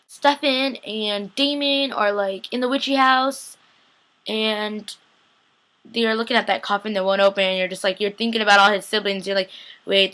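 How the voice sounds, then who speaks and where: Chatty young woman, bright voice. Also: medium pitch. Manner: chatty, sarcastic, acts out characters in asides. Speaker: vlogger. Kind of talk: casual TV episode recap.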